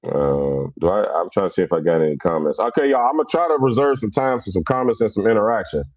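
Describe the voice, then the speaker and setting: A middle-aged man from Cincinnati, hosting a casual livestream. His talk is blunt, animated and rough around the edges. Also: fairly low pitch, quick pace, no echo. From Cincinnati, USA. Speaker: livestream host.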